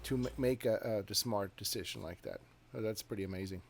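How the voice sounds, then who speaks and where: A man hosting an interview, talking casually and encouragingly, with hesitant pauses and fillers. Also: on the low side, vocal fry, slight background noise. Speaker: interview host.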